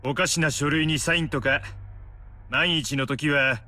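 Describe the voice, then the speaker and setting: An actor voicing a sly middle-aged brother in a visual novel, speaking in a casual, sarcastic, gruff way. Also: male voice, fairly high pitch, fairly even intonation, a little fast, pushed and bright. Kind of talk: voiced visual novel dialogue.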